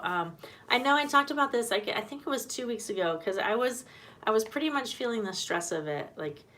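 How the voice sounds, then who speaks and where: A chatty woman hosting a casual live stream at a middle pitch, rambling from one thought to the next and laughing easily. She greets viewers as she reads their comments. Faint noise hums underneath. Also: fairly bright tone. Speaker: homesteading channel host.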